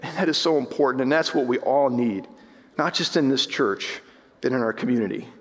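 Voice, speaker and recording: Impassioned pastor preaching in a reverberant hall. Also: male voice, mid-range voice, brisk. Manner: impassioned, rising and falling with emphasis, frequent restarts. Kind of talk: sermon. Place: church sanctuary.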